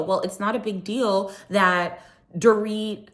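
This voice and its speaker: A young woman with a medium-pitched voice, speaking at normal speed, gives a casual, chatty, opinionated recap of a reality TV episode. She animatedly retells it, acting out the people she quotes in their voices.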